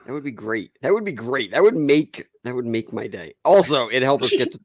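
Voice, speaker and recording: Loud laughy guy hosting a podcast, cusses a lot, pitch all over the place. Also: big pitch swings, normal speed, no room sound, studio quality. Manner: boisterous, laughs often, swears freely. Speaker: podcast host. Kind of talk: casual chat.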